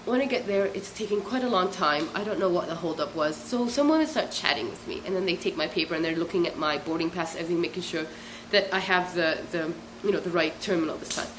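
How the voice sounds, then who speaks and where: A woman's voice: fairly low pitch, fast talker, background noise. Chatty young woman telling a travel story. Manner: chatty, animated, bursts into laughing shrieks; mimics other people's voices in quotes. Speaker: vlogger. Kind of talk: rambling storytelling vlog. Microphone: hairbrush held as a pretend mic, real mic unseen.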